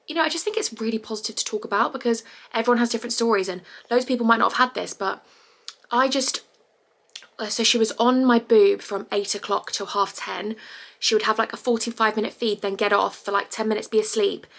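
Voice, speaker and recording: A woman's voice: on the high side, steady tone, brisk, gravelly, fairly bright tone. A young woman talking candidly and emotionally to a phone camera at home, rambling with restarts. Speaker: vlogger. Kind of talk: casual confessional vlog. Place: bedroom at home.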